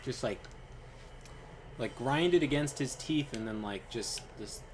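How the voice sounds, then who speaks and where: A young gaming streamer tells a rambling story in casual chat while playing, packed with fillers and animated quoted voices. His medium-pitched voice moves at a measured pace over background noise.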